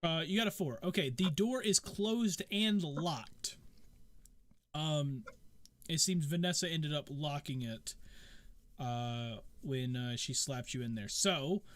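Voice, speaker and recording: A man's voice: a little high, takes it slowly, a bit bright. A man narrating a tabletop game as game master in a loose, casual way, with many fillers and restarts.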